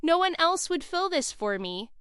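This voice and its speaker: A sugary, gushing woman customer, as a woman narrator puts her on, with a very high, bright, ringing voice. She pours on sweetness loudly. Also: very animated, moderate pace, exaggerated voice.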